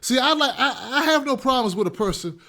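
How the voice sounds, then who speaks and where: A man with a notably high voice holds forth as host of his own commentary show. He speaks emphatically and repeats his points to hammer them home, in a ranting monologue. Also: animated, brisk, bright, forceful tone.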